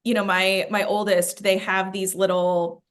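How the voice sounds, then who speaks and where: A woman's voice: medium pitch, flat delivery, a little slow. A woman in casual, heartfelt conversation, talking earnestly with many fillers and growing emotional.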